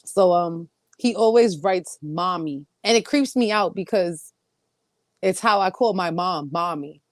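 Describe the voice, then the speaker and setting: A woman's voice: on the low side, unhurried, no echo. Blunt, profane woman in dry sound. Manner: blunt and profane, acts out her own past reactions. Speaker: co-host. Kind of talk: casual chat.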